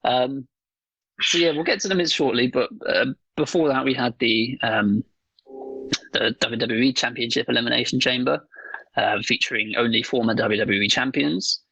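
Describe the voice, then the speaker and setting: A man's voice: medium pitch, normal speed, creaky, bright, forceful tone, husky, dry recording, poor audio. A man co-hosting a casual podcast chat, blunt and swearing freely. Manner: blunt, swears freely, acts out voices while joking. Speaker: podcast co-host.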